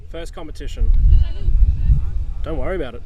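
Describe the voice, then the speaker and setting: A man's voice: a little high, normal speed, recorded from a distance. A man with an Australian accent giving short, laid-back answers at an outdoor interview. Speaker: guest archer. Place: outdoors beside a competition field. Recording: outdoor noise in the background.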